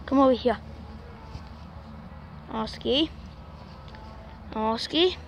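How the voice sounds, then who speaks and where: A woman's voice: fairly high pitch, lively intonation, slow, pauses often, rough recording. A young woman vlogging outdoors while walking her dog, pleading and exasperated as she coaxes him along, recorded on a handheld camera. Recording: loud outdoor noise on camera mic.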